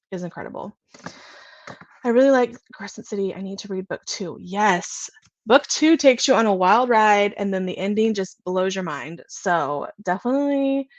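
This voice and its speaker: A young woman from California hosting a casual livestream, chatting in a bubbly, gushing, excitable way. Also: medium pitch, no echo, lo-fi sound. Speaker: livestream host.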